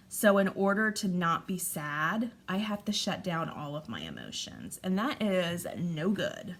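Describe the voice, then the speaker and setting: A woman's voice: lowish voice, fairly bright tone. A woman in her forties chatting candidly to her viewers while crafting, talking through a hard stretch with many fillers. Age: 40s. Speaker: vlogger, stay-at-home mother. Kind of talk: casual chat to camera while crafting.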